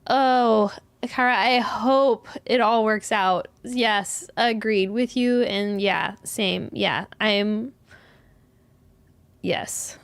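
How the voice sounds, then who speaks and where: Hoarse, giggly woman host, slow. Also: mid-range voice, no echo. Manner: giggly, breaks into laughter often; clears her throat and coughs now and then. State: hoarse, recovering from a lost voice. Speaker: yarn shop live stream host. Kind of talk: casual live stream chat with viewers.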